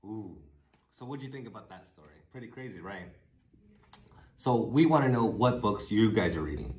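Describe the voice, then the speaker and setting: Man, casual friendly sign-off, lowish voice, echoey room. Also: lively intonation, moderate pace, darkish tone. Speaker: youth club host. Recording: echoey room, far mic.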